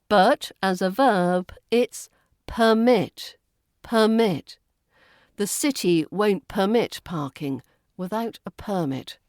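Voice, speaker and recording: A woman with a British accent teaching a pronunciation lesson, saying each word slowly and deliberately. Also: medium pitch, dry recording, studio quality. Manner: slow, deliberate, stresses each word clearly.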